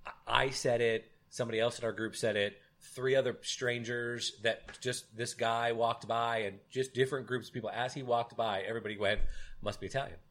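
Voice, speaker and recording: A man's voice: mid-range voice, level tone, normal speed, hardly any pauses, a bit bright. A man co-hosting a podcast in casual chat, rambling with many fillers and animatedly retelling movie scenes. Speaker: podcast co-host.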